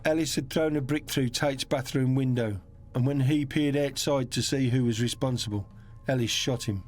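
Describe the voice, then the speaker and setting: A man narrates a crime documentary in a measured, mid-range voice. Faint music plays under his voice. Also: mid-range voice, fairly even intonation, darkish tone. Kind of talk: scripted narration.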